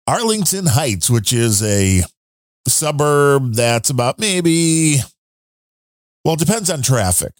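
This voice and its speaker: A man's voice: on the high side, very animated, slow, dry recording, clean studio sound. A man hosting a podcast in casual chat, rambling along with fillers and asides. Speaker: podcast host.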